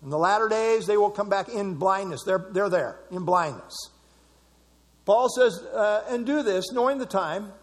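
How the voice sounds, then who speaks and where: A man's voice: sits high, unhurried, long reverb tail. A man preaching a sermon in a conversational way, repeating phrases for emphasis. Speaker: pastor.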